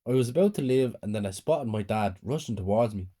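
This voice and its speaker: A man calmly narrating a scripted first-person horror story. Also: fairly low pitch, fairly quick.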